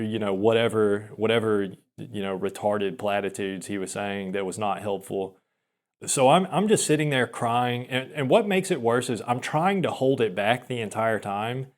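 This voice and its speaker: A young man telling a long personal story in casual chat, rambling and self-deprecating, with frequent restarts and small laughs. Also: on the low side. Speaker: podcaster.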